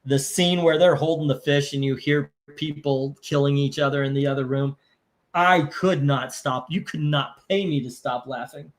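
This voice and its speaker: A man's voice: a little high, fairly even intonation, normal speed. Chatty man running a comic auction. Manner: rambling, swears casually, laughs while telling stories. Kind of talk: casual live-stream chat.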